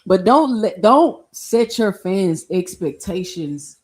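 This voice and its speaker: A woman hosting a casual boxing livestream, talking in an opinionated, animated way and speaking straight to her chat. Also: mid-range voice, slow pace. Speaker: livestream boxing talk host.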